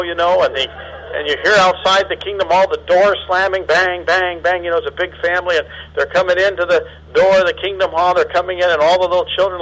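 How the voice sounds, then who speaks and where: A man's voice: on the high side, fairly bright tone, rough recording. A man giving a sermon as a circuit overseer, asking his audience questions and chuckling often. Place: meeting hall before an audience.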